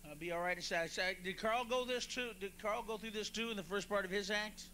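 A male stand-up comedian doing a profane, raucous set with sudden shouted bursts. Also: sits high, a little fast, a little hiss or hum. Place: club stage at a rehearsal.

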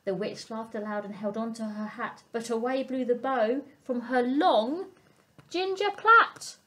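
A woman storyteller reading a picture book aloud to young children, expressive and asking them questions. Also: a little high, normal speed. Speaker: family centre storyteller.

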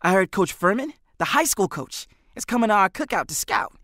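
A man voicing an excited, pleading middle school boy teammate in an audiobook. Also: sits high, fairly quick, dry recording, studio quality, pitched above the performer's own voice, full character voice. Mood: eager.

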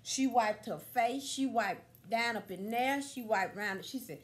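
A woman's voice: fairly high pitch, moderate pace. A middle-aged woman chatting casually to viewers about a thrift haul, straightforward and full of stories and exclamations. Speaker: vlogger showing a thrift haul.

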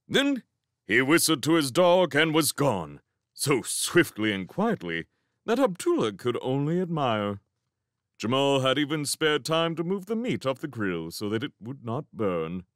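A man reading a storybook aloud as narrator, with a measured, expressive storytelling manner. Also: medium pitch, no echo, clean studio sound. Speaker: reader. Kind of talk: audiobook narration.

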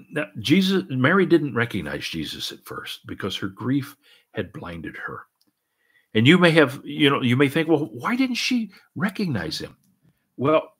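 With a husky, slightly bright mid-range voice, a middle-aged pastor gives an earnest sermon. He repeats himself a lot, restarts often and leans on "and, and."

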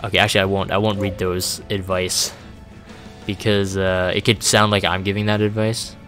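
A man's voice: deep voice, level tone, normal speed, a bit bright, soft background music. A man casually chatting on a live stream, reading chat aloud and rambling with plenty of fillers. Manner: reads chat aloud, rambling and laid-back with many fillers.

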